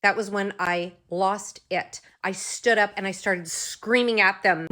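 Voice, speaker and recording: A woman's voice: mid-range voice, a little fast, few pauses, bright, forceful tone. A woman telling her own story straight to her followers in a personal, emotional way, acting out what people said and repeating key phrases. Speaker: vlogger.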